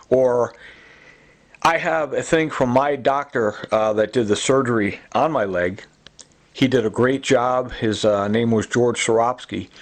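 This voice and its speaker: A middle-aged man giving a rambling, agitated personal testimony, full of fillers and repeats. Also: mid-range voice. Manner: agitated, repetitive, many fillers. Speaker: self-recorded complainant.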